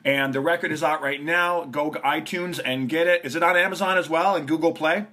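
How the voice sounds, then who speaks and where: A man's voice: a little high, fairly quick, bright, forceful tone. A man hosting a casual podcast, talking loosely and joking, with some swearing. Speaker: podcast host.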